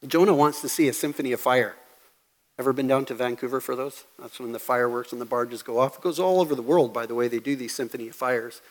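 A pastor preaching a sermon, talking conversationally with asides and reading scripture aloud. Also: male voice, sits high, long reverb tail. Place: church sanctuary.

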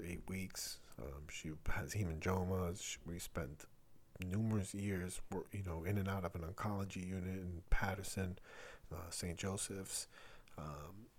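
A man's voice: sits low, a little mellow, slightly rough. A middle-aged man, hosting a casual solo podcast, talking candidly and rambling with many fillers and restarts. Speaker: podcast host.

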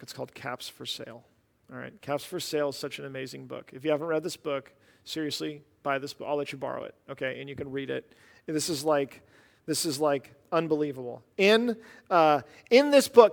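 A man preaching a sermon, animated and conversational, with casual asides. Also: on the high side, in a large hall. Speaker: pastor.

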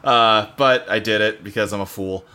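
Bright-voiced man rambling casually. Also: on the low side, steady tone, moderate pace, a little hiss or hum. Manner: rambling, loose, profane, lots of fillers. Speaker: podcast co-host. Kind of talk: casual chat about video games. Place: home office in a bedroom. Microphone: desktop computer setup.

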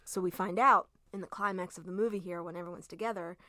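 A young woman, a podcast guest, chatting in a relaxed, conversational way about a film. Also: lowish voice, fast talker, a crowd in the background. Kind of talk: casual chat recapping a film.

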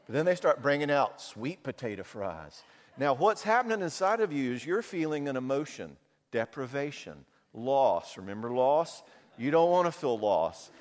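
A middle-aged man preaching a sermon, animated and jokey, acting out little voices. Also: medium pitch, moderate pace. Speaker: pastor. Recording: long hall reverb.

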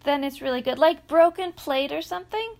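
A woman's voice: high-pitched, expressive, a little fast, creaky, darkish tone. A woman in casual podcast chat, reacting and chiming in.

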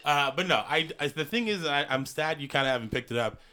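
A man's voice: a little high, lively intonation, fast, pushed and bright. A slightly drunk man co-hosting a podcast in casual chat, rambling, swearing freely and restarting his sentences. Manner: rambling, profane, trails off and restarts. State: a little drunk. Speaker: podcast co-host.

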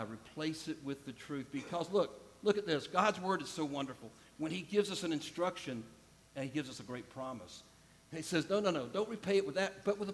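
A man's voice: a little high, a bit bright. A man preaching a sermon to a congregation, emphatic and repeating key phrases, speaking to the listeners directly. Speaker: pastor. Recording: long hall reverb.

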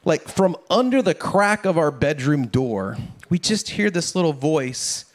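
A middle-aged pastor with a somewhat high voice preaching in a relaxed, conversational way. He stumbles over and repeats words and keeps checking in with his listeners. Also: a little slow. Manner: conversational, repeats words, asks "right?" often. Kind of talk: casual sermon with family stories.

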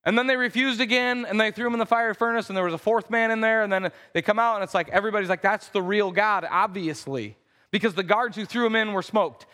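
A pastor preaching a conversational sermon in a church, acting out the quotes in voices. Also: male voice, high-pitched, fast talker, pushed and bright. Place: church sanctuary. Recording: reverberant church hall.

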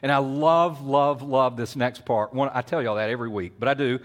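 A man preaching a sermon, telling a Bible story with lively acted-out voices. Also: mid-range voice, normal speed. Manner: animated storytelling with acted-out voices and whisper-yelling. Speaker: pastor.

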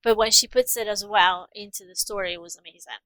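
A woman's voice: mid-range voice, fast talker, fairly bright tone, no echo, rough recording. A woman whose first language is not English, chatting eagerly as a podcast guest. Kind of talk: casual chat.

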